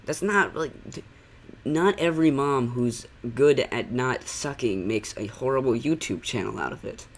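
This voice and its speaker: A man with a voice of ordinary middle pitch delivers loose, sarcastic commentary. He rambles, restarts his points and leans heavily on "like" while he mocks what he is watching. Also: expressive, moderate pace. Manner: sarcastic, rambling, heavy use of "like". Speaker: channel critic.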